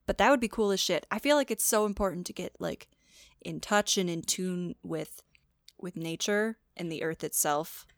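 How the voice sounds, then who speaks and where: A woman's voice: lowish voice, moderate pace, no echo, studio quality. A woman co-hosting a podcast in casual chat, bubbly and talkative, swearing casually. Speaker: podcast co-host.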